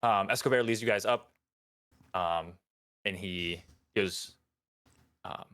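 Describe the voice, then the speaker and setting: Low-voiced man running a tabletop game. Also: steady tone, moderate pace, long pauses, fairly bright tone, smooth. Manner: loose, full of fillers and restarts. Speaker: dungeon master.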